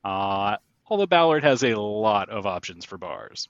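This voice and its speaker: A man narrating a tabletop game as game master, relaxed and hesitant, with many pauses. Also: on the low side, no echo, lo-fi sound.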